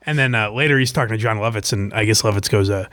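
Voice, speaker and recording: Rambling podcast host, dry close sound. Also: male voice, lowish voice, fast, fairly bright tone, no room sound. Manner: rambling, laughing, many fillers. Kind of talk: casual podcast chat.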